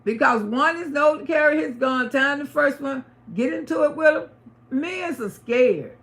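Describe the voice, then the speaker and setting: High, gravelly woman telling a story. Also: expressive, moderate pace, fairly bright tone. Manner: emphatic, repetitive, profane. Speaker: livestream host. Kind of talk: casual storytelling to a live audience. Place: her home apartment.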